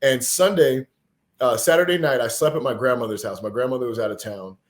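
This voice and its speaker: A man in his forties from Texas tells a personal story as a podcast guest. His voice sits at a middling pitch, and his delivery is animated, earnest and emotional. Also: a little fast. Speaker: podcast guest, former pro football player. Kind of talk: conversational storytelling.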